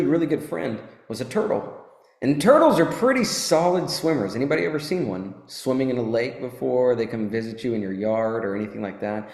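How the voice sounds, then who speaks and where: A man giving a casual, animated motivational talk to an audience, swearing and joking as he tells a fable. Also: medium pitch. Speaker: motivational teacher. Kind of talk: live motivational talk with storytelling. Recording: echoey hall.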